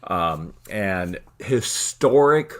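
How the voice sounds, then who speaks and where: A man tells a story in an easy, chatty way. His pitch rises and falls a great deal, and he slips into the voices of the people he quotes. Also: drawn-out words. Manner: animated, acts out quoted voices. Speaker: channel host. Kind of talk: casual storytelling chat.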